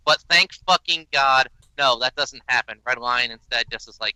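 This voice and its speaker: A man ranting on a podcast, exasperated and profane, with sarcastic asides. His voice is very bright and sharp, and it sounds dry and close to the mic. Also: medium pitch, steady tone, moderate pace, hardly any pauses, clear, resonant tone, dry recording, rough recording. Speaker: podcast host. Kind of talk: casual ranting review.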